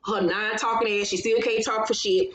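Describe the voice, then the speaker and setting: A woman with a fairly high voice recaps a reality show in a loose, gossipy way. She is blunt and profane as she talks, and the room gives her voice a roomy echo with faint background hiss. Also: fairly even intonation, moderate pace, a bit bright. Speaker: host of a reality TV recap channel.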